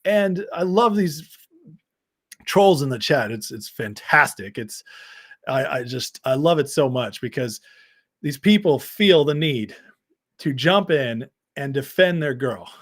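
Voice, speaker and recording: A man's voice: medium pitch, lively intonation, takes it slowly, fairly bright tone, no room sound, clean studio sound. An American man hosting a live stream, reacting to clips and the chat with laughing, sarcastic commentary. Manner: mocking, laughing, sarcastic asides. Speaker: streamer host.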